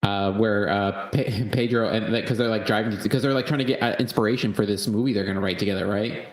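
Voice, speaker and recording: Low-voiced rambling man in an echoey room. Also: fairly even intonation, brisk. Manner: rambling, full of fillers and restarts; swears freely. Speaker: podcast co-host. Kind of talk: casual movie-review chat.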